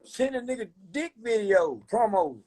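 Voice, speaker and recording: Husky, profane man ranting on a livestream. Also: extremely high pitch, expressive, moderate pace. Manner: loud, profane, preachy and joking. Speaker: livestream host. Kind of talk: casual livestream rant.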